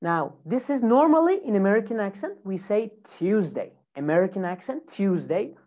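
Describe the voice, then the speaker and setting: A woman's voice: mid-range voice, very animated, a little fast, warm tone, lo-fi sound. A woman teaching English pronunciation in a lesson, repeating example words over and over with exaggerated emphasis.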